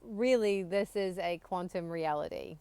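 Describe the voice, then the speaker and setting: A woman's voice: lowish voice, measured pace, vocal fry, darkish tone, smooth, no echo. A woman co-hosting a podcast, talking in a thoughtful, musing way in casual chat. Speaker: podcast co-host.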